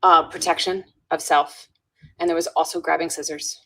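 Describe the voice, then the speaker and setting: A woman's voice: low voice, little pitch movement, normal speed, bright, forceful tone. A woman guest on a podcast, telling an earnest story with restarts and frequent "right?" tags. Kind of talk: storytelling in a conversational interview.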